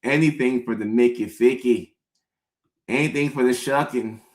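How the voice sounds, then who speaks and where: A young adult man, a comedian, riffing in a comedic rant with animated storytelling and mock-pleading impressions. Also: mid-range voice. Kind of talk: comedic live-stream rant. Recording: roomy echo.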